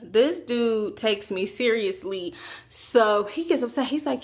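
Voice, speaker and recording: A woman telling a personal story to her camera in a casual, animated way, acting out what people said. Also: on the high side, takes it slowly. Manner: animated, acts out quoted voices, chatty asides. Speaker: vlogger.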